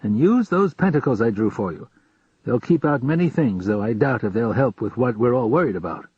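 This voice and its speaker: Casting: man playing guarded wry wizard, husky, lo-fi. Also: medium pitch, expressive, brisk, darkish tone, no room sound. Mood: courteous. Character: wary middle-aged male wizard, dry wit. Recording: dull lo-fi recording.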